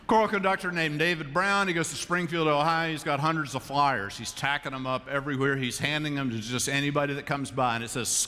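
A man preaching a sermon in a large church, conversational and repeating key phrases with emphatic pauses. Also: fairly high pitch, steady tone, sharp tone. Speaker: pastor. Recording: live church recording with long reverb.

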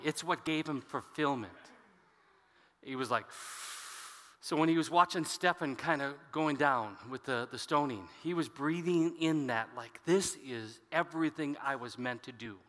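A man pastor gives an expository sermon, reading from scripture and breaking off for casual remarks to the congregation. His bright, forceful voice sits slightly high for a male and moves at a normal speed, with long reverb from a big hall.

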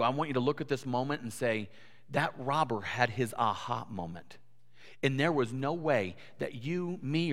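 In a church sanctuary, a pastor preaches an earnest sermon, building to emphatic peaks and often repeating words. His mid-range voice is a bit bright, and the hall gives a long reverb.

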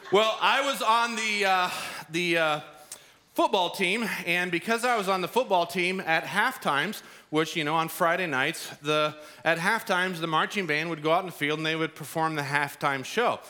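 A man's voice: high voice, moderate pace, sharp tone. A man preaching a sermon as pastor, telling a personal story with acted-out quotes. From Arizona.

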